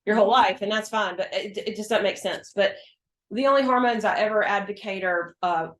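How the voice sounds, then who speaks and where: A woman's voice: mid-range voice, brisk, fairly bright tone. A woman working as a hormone health practitioner, chatting emphatically in an interview and acting out her exchanges with patients. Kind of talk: casual interview explanation. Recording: roomy echo.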